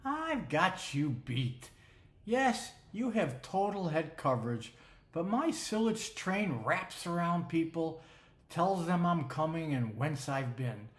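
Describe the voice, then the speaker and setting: A man's voice: on the high side, very animated, slow pace. A man voicing a boastful talking perfume bottle. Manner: bragging, taunting. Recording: roomy echo.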